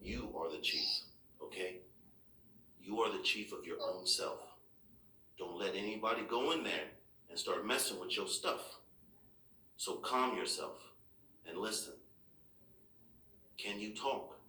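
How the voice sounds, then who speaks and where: Speaking as a father in a serious heart-to-heart, a man talks patiently and firmly with his child, reassuring him. His fairly low voice is unhurried, pushed and bright, with long pauses, recorded in an echoey room with the mic far off.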